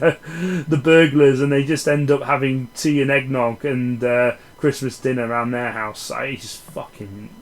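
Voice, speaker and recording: A man's voice: medium pitch, low-quality recording. Sardonic swearing Englishman. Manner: profane, rambling, sardonic. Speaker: film reviewer. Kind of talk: casual ranting film review.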